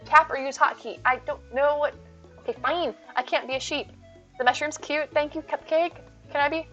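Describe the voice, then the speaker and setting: A woman's voice: high-pitched, fairly even intonation, normal speed, bright, forceful tone, highs cut off, soft background music. A woman streaming live and chatting with viewers, playful and silly, full of jokes and puns.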